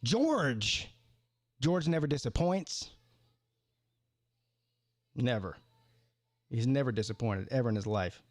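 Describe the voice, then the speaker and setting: A man's voice: mid-range voice, animated, takes it slowly, pauses often, no room sound. A man hosting a live sports call-in stream, rambling casually with stammered restarts and repeated words.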